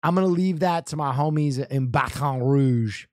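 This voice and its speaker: A man's voice: mid-range voice, normal speed, a little mellow, dry recording, clean studio sound. Swearing young man from New Jersey. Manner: loose, profane, laughing, rambling. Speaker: commentator reacting to a show. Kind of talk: casual reaction chat.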